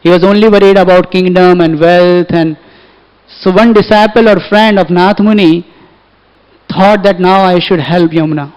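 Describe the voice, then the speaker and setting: A man's voice: sits high, fairly even intonation, normal speed, a little mellow, smooth. A man with an Indian English accent preaching a storytelling sermon in a temple hall, animatedly acting out the dialogue. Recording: echoey hall, dull lo-fi recording.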